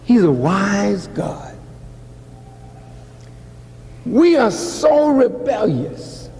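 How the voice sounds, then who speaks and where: A man's voice: high-pitched, big pitch swings, takes it slowly, warm tone, a little hiss or hum. A man giving a sermon-like public lecture, preaching dramatically and acting out voices. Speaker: activist lecturer. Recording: long hall reverb.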